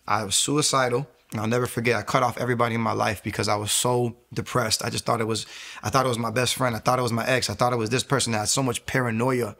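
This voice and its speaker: A man's voice: mid-range voice, steady tone, fast talker, vocal fry, a bit bright. A man telling his own faith testimony as an interview guest, earnest and candidly confessional. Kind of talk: personal testimony storytelling.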